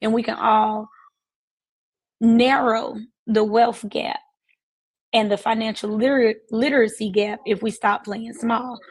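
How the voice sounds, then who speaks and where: A woman's voice: on the high side, little pitch movement, unhurried, pauses often, husky, dry recording, poor audio. A woman hosting a live stream as a financial services coach, speaking emphatically with repeated, preacherly phrasing. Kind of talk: motivational live-stream talk.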